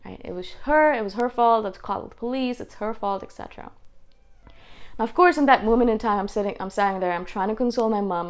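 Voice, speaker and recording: Animated woman vlogger talking to camera. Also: medium pitch. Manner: animated, acts out quoted voices. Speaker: spiritual vlogger. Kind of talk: casual talk to camera.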